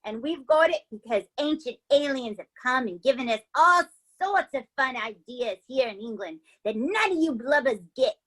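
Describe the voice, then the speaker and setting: A woman's voice: high-pitched, animated, moderate pace, hardly any pauses, a bit bright, rough recording. Woman putting on a botched Cockney boaster. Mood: boastful. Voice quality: mangled Cockney with Southern and Australian twang. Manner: hammy, playful.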